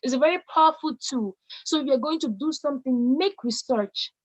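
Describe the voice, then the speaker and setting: A woman's voice: high-pitched, brisk, highs cut off. A Nigerian woman in her late teens giving an emphatic, repetitive motivational speech to young people. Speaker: youth speaker.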